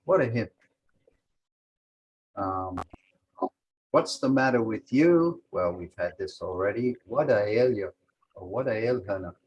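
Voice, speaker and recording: Guy teaching a language class on a video call, talks real slow, goes thru examples step by step. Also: lowish voice, expressive, darkish tone, breathy edge, dull audio. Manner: methodical, explains example sentences step by step. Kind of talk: online language lesson.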